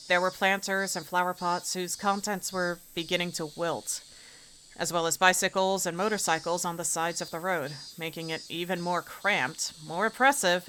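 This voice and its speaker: A woman game streamer with a fairly low voice narrating a visual novel aloud. She reads the prose evenly and drops into casual, chatty comments in between. A faint hum of noise sits behind her. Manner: casual, expressive asides between even narration.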